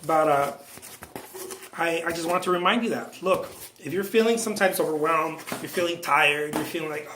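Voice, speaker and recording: A man, a painter, talking casually to camera in his studio, rambling with restarts and frequent soft chuckles, keeping his voice low late at night. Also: normal speed, echoey room, a little hiss or hum. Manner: loose and self-interrupting, chuckling often, many restarts and asides. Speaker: painter vlogging about his work. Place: art studio indoors.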